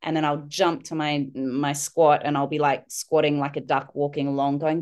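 Brief: woman, low voice, animated storyteller on a remote interview. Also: moderate pace, hardly any pauses. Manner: animated, acts out quotes in high voices. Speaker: guest, parenting instructor.

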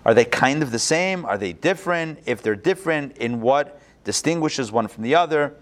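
A man teaching a live online class as a rabbi, lively and chatty, often thinking aloud and restarting his sentences, on a video call. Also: medium pitch, moderate pace.

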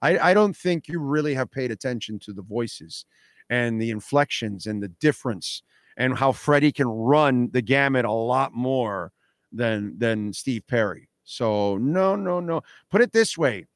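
With a medium-pitched voice, lively intonation, and an unhurried pace, this radio host gives emphatic, opinionated casual talk, saying "no, no, no" and reacting to listener comments. The studio recording is dry and high quality.

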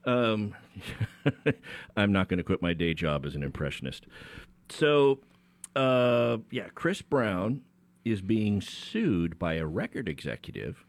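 An attorney co-hosts a radio talk show, explaining a legal case conversationally and restarting his sentences often. His voice is on the low side with big pitch swings, at a measured pace with no echo.

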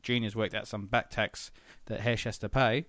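Low-voiced man, rambling show recap. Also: fairly even intonation, normal speed, fairly bright tone, dry recording, clean studio sound. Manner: rambling and profane, with filler words. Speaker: podcast co-host. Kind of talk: casual chat recapping a TV episode.

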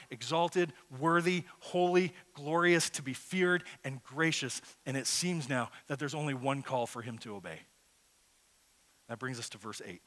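A pastor preaching a sermon in an earnest, conversational way that swells into loud, emphatic peaks. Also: male voice, sits high.

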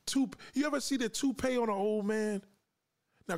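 A podcast host with a high-pitched, brisk voice and big pitch swings rants on a livestream. He's fired up and cursing, lecturing in a confrontational, profane way and asking listeners to push back.

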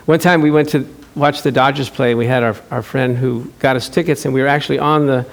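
A man's voice: mid-range voice, a little fast, vocal fry. A male pastor preaching a sermon in a church, telling stories and acting out quotes with laughs. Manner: animated storytelling, acts out quotes, laughs often.

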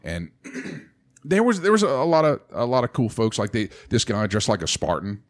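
A man's voice: mid-range voice, moderate pace. A man telling a story in casual podcast chat, laughing often and acting out the voices of the people in it. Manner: animated storyteller, laughs often, acts out quotes.

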